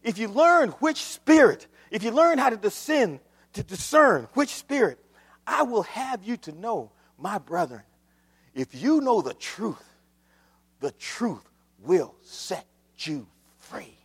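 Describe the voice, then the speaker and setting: A man preaching a sermon, swinging from hushed asides to shouted exclamations, addressing the church. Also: very high voice, very animated, a little slow, husky, big-room sound. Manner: dramatic swings from hushed to shouted, call-and-response phrasing.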